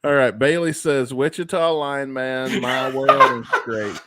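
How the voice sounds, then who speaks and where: A man's voice: medium pitch, steady tone, unhurried, bright, forceful tone, no room sound. A man co-hosting a podcast in casual chat, bantering and joking with profanity. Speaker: podcast co-host.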